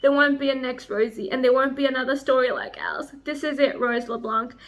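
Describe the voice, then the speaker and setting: A woman's voice: high voice, sing-song, a little fast. A woman reading as a devoted young man. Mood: tearful. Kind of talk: reading a novel aloud.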